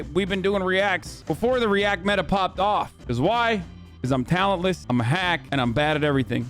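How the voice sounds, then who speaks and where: Male streamer, casual brash commentary, high voice, dry, faint music behind. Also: a bit bright. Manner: brash, swearing, self-mocking. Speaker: streamer host.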